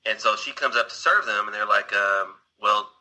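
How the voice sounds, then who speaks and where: A man's voice: lowish voice, brisk, sharp tone, low-quality recording. A man casually retelling a film scene, rambling along with restarts and asides to his listener. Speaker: storyteller.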